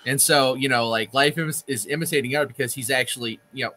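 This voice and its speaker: A man's voice: mid-range voice, fast talker, crowd noise. A man in a casual book discussion, talking in a rambling, hesitant way and swearing casually.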